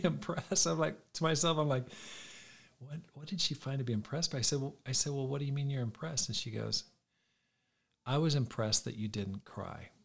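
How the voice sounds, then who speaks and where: A middle-aged man giving a sermon as a pastor, telling a personal story and acting out the dialogue. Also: mid-range voice. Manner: conversational storyteller, acts out quoted dialogue.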